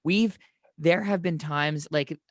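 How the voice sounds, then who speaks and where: A man hosting a casual podcast, talking excitedly, stumbling over restarts and swearing freely. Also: on the high side, slow pace, no echo, clean studio sound. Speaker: podcast host.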